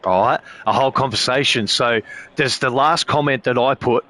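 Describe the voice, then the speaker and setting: A man's voice: medium pitch, normal speed, bright, forceful tone. A man chatting casually as a sim racing streamer, rambling with heavy swearing and frequent filler phrases. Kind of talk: casual chat.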